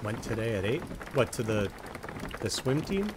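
A game streamer with a medium-pitched voice that swings widely talks at a normal speed over heavy background noise. He casually comments on a video game as a let's-play, joking with the characters and replying to chat.

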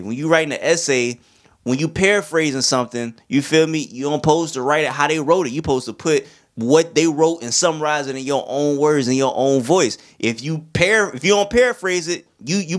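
A man's voice: a little high, fairly bright tone. Laid-back young man reviewing music. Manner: laid-back, slangy, hums and sings along. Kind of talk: casual album review vlog.

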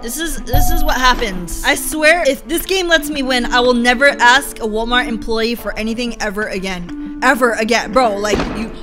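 A young woman commentating on her own gameplay, excitable and talking back to the characters on screen, sometimes bursting into shouts. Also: on the high side, moderate pace. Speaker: gaming YouTuber. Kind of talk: let's-play commentary. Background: game music.

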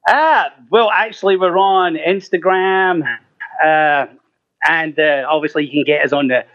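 A man's voice: a little high, a little slow, a bit bright, lo-fi sound. A man from Scotland, a rock singer as interview guest, chatting casually in a rambling, self-deprecating way with plenty of swearing.

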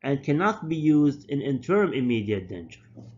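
A man, a native Arabic speaker, giving a university dental lecture slowly and deliberately, often repeating and correcting his terms. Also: mid-range voice, big pitch swings, a little mellow. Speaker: dental professor. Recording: dull lo-fi lecture recording.

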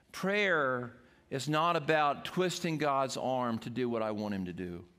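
A man's voice: a little high, fairly bright tone. An older man, a pastor, preaching an earnest sermon to his congregation.

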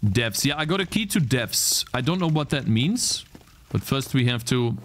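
A man's voice: medium pitch, lively intonation, normal speed, slight background noise. A man streaming a video game in casual commentary, chatting to his viewers and swearing freely when frustrated. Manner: swears freely, easily frustrated, talks to chat. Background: game music.

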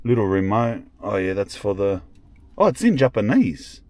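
A man's voice: fairly low pitch, sing-song, normal speed, darkish tone, dry recording. Slangy young New man vlogging. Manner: slangy, upbeat, thinks aloud. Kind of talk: casual vlog chat. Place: outdoor car yard.

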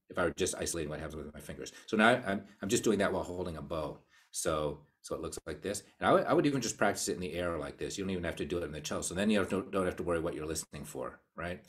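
A man with an American accent giving a casual live online cello lesson, explaining ideas and counting beats out loud. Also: deep voice, quick pace, husky. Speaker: cello teacher. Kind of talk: live online masterclass talk.

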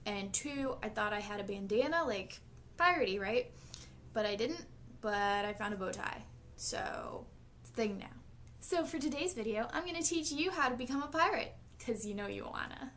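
A young woman vlogging from her bedroom, with deadpan, self-mocking asides. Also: on the high side, normal speed, a little hiss or hum. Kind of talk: comedic solo vlog.

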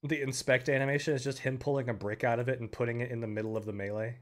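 A young man giving live commentary on a game, excitable, breaking into loud yells and laughter. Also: mid-range voice, very fast. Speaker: game streamer.

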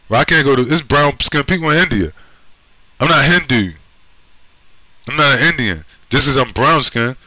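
A man's voice: medium pitch, sharp tone, dry recording, low-quality recording. A man from the United States in a blunt, profane monologue who keeps checking in with "right?" and "you see?". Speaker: video commentator. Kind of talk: emphatic monologue.

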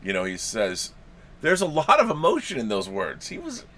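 A man's voice: medium pitch, huge pitch swings, moderate pace, fairly bright tone. A man hosting a casual chat about a classic film, chiming in with jokey quips. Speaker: podcast host.

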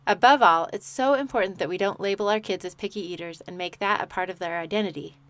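A woman's voice: mid-range voice, quick pace, dry recording. A woman hosting a parenting podcast, reading her scripted narration in an upbeat, chatty way with small laughs. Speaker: podcast host.

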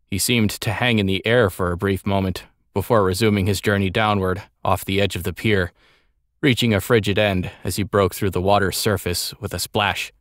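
A man reading a story aloud as an audiobook narrator, in a measured, expressive way. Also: low voice, dry recording, studio quality. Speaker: audiobook reader.

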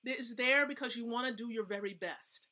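A woman's voice: a little high, normal speed, pushed and bright. A woman hosting a casual live stream, giving chatty, emphatic tips and often checking in with her viewers. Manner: chatty, emphatic, asks the audience questions. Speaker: host.

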